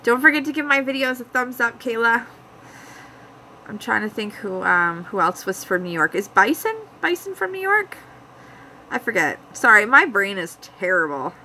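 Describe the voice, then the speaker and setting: A woman's voice: mid-range voice, sharp tone, a little hiss or hum, rough recording. Chatty Canadian woman rambling to her viewers. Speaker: vlogger hosting a live chat. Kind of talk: casual live-stream chat. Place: home.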